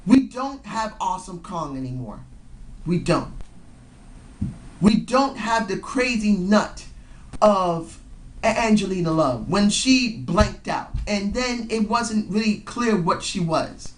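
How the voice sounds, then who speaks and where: In a casual vlog, a man talks over a wrestling show like a rambling, excited fan. Lack of sleep and yelling have left him hoarse and slightly slurring. His voice sits high and he speaks slowly.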